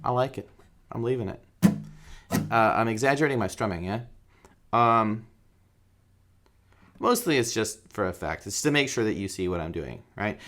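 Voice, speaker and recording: A man's voice: fairly low pitch, expressive, normal speed, long pauses. A man teaching a guitar rhythm lesson in a casual, joking way, counting beats aloud while he strums.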